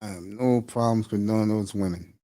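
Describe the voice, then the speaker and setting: A man's voice: on the low side, fairly quick, dark tone. A middle-aged man hosting a morning talk stream, chatting loosely with listeners in slangy banter and laughing often. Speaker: host of a morning talk show. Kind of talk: casual live-stream chat.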